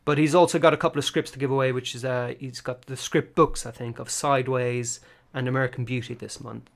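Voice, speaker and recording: Chatty male podcast co-host, mid-pitched. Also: fairly even intonation, fairly quick, creaky. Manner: chatty, many ums and restarts. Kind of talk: casual chat.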